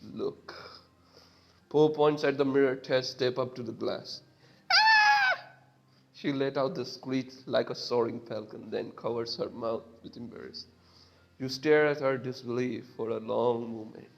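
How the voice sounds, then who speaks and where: A man reading an interactive story game's narration aloud in a plain, steady way. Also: medium pitch, normal speed, creaky, dull audio. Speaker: player narrating.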